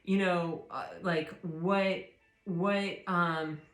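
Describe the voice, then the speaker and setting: A woman giving a tarot reading as a casual spiritual chat, rambling with many fillers and restarts in a soft, reassuring way. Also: lowish voice, steady tone, extremely slow. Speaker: tarot reader. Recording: roomy echo.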